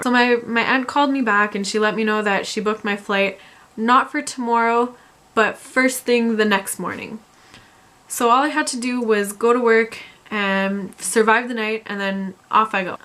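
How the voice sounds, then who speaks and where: A young woman telling a storytime vlog in an exasperated, animated way. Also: fairly high pitch, normal speed. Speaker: vlogger.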